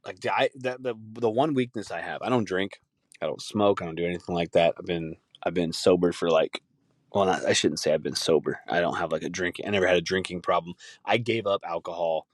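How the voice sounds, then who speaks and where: A man with a lowish voice hosts a podcast, talking in a loose, rambling solo rant. He swears constantly and breaks into laughter, and the sound is dry and close. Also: steady tone, fairly quick, no room sound. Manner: rambling, profane, laughing often. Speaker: podcast host.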